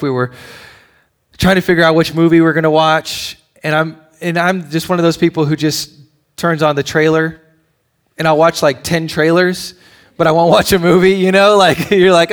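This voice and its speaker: Man preaching a sermon with lively storytelling. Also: fairly high pitch, moderate pace, clear, resonant tone. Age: adult with children. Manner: animated storytelling, drops to a near whisper at tender points. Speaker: pastor.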